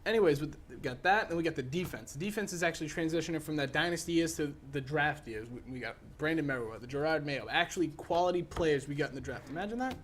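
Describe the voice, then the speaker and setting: A young man co-hosting a casual sports debate, excitable and joking, often talking over his partner. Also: fairly high pitch, quick pace, few pauses, slight background noise. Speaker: co-host.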